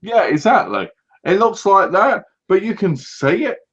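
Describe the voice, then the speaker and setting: A man co-hosts a casual movie review, retelling scenes with lively energy and plenty of laughter. His voice sits a little high. The recording sounds dull and lo-fi. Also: unhurried. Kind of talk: casual chat.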